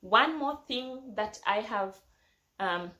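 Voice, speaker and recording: A young woman talks to her camera in a casual, earnest way, reflecting on her own growth and repeating phrases to stress a point. Her voice sits a little high for a woman. The room around her rings with a noticeable echo. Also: lively intonation, slow, sharp tone. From not from Germany, living there. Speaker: vlogger. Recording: echoey room.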